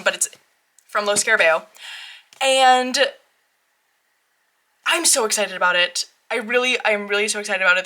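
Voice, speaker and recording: A woman's voice: medium pitch, sharp tone. A young woman hosting a tarot vlog, chatting casually in a bubbly, giggly, rambling way that keeps interrupting itself. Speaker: tarot channel host.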